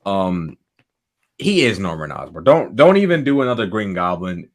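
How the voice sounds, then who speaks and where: A man co-hosting a podcast in casual chat, excitable, swearing freely and laughing often. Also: low-pitched, normal speed. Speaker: podcast co-host.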